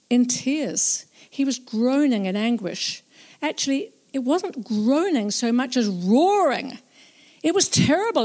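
A woman narrating a Bible story as a first-person witness, slow, reflective and earnest. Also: high voice, a little mellow.

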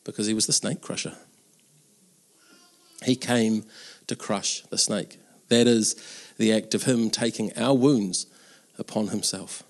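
A man's voice: fairly low pitch, steady tone, measured pace, long pauses. A man preaching an Easter sermon in an earnest, conversational way, with casual asides.

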